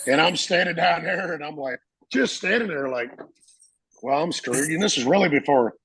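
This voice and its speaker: A Marine veteran telling a story in a casual interview, acting out the voices of people in it and laughing often. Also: male voice, on the high side, a little fast, a bit bright, slightly rough, no echo, rough recording.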